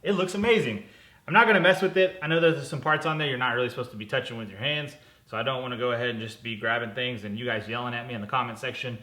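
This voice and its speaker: A man's voice: medium pitch, fairly even intonation, rapid-fire, pushed and bright. Upbeat man unboxing car parts, echoey room. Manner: chatty, upbeat, self-correcting. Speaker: car channel host. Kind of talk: casual unboxing vlog.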